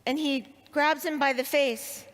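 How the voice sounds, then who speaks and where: A woman at a leadership training event speaks to a large hall audience, telling a personal story and expressively playing out her inner voice. Her high-pitched, fairly bright voice has fairly even intonation and an unhurried pace, heard with hall reverberation.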